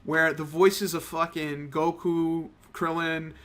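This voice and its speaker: Rambling profane young gaming commentator. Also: male voice, on the high side, level tone, takes it slowly, fairly bright tone. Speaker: gaming channel host. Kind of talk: casual let's-play commentary.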